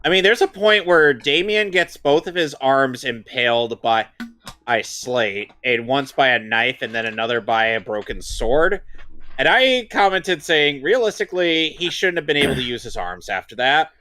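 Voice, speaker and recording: A man's voice: mid-range voice, expressive, normal speed, bright, forceful tone. A man co-hosting a casual watch-along chat, giving long-winded, opinionated breakdowns. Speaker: co-host.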